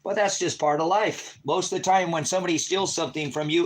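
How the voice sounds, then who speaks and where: A man's voice: a little high, fairly even intonation, quick pace, hardly any pauses, a little hiss or hum. A man on a livestream at home, ranting in a profane, taunting way at people in his chat. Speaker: livestream host. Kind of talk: angry livestream rant. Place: at home by a wood stove.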